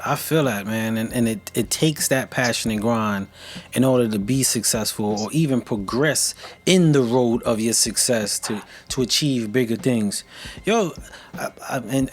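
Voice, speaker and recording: A man hosting a live show who interviews his guest casually, reads out viewer questions and gives upbeat shout-outs in laid-back slang. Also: medium pitch. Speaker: show host.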